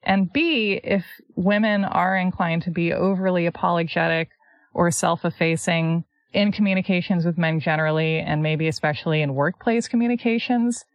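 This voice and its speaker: A woman co-hosting a podcast in casual chat, reading passages aloud in a wry, animated way. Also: on the low side, normal speed, no room sound, lo-fi sound. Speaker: podcast co-host.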